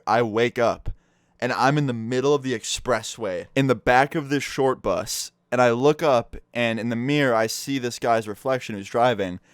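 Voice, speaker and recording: A man's voice: medium pitch, smooth, dry recording, studio quality. A man telling a childhood story in a casual, profane vlog style. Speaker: vlogger.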